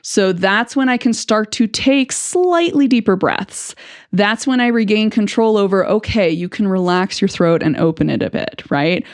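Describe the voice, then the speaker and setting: A woman's voice: medium pitch, lively intonation, normal speed, dry recording, studio quality. A woman hosting a podcast as a speech-language pathologist, speaking frankly and reflectively in a candid first-person monologue, with bursts of nervous laughter.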